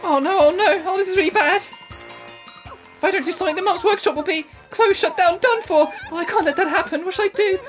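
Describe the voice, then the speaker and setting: A woman's voice: fairly quick, faint music behind. A woman voicing a cheerful, eager teenage alchemist girl in a game, reading her lines aloud. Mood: panicked. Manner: bright, excitable, squeaky when panicked.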